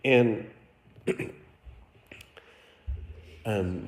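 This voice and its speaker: A middle-aged male pastor preaching in a roomy church sanctuary, his voice of ordinary pitch ringing off the walls. He tells a personal story, acts out what people said, and puts questions to the congregation. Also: animated, takes it slowly, pauses often, a bit bright. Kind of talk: sermon.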